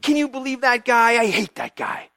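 A man's voice: extremely high pitch, sing-song, a little slow, fairly bright tone, dry recording, clean studio sound, pitched above the performer's own voice, full character voice. A man voicing a gloating, scheming biblical villain in a gleeful, over-the-top way while retelling a story.

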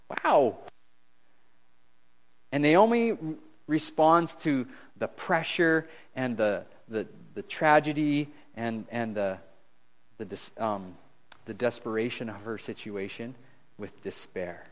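A middle-aged man preaching a conversational sermon as pastor, animated and swinging between loud and hushed, chuckling at his own jokes. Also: mid-range voice, slow pace.

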